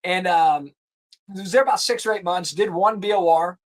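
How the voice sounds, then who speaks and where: A man in his thirties with a slightly high voice tells his career story as a guest, loose and animated. He peppers every sentence with "dude" and "like" and throws in casual swearing. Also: moderate pace. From US East Coast. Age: 30s. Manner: slangy, animated, swears, says "dude" and "like" a lot. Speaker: insurance producer, guest.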